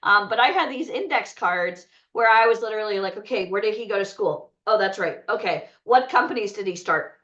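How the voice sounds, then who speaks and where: A woman hosting a talent event, telling a lively personal story to an audience, cursing freely and asking them questions. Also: mid-range voice, brisk, hardly any pauses. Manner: animated, swearing, asks the audience questions. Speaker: event host and talent coach. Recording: dull, lo-fi sound.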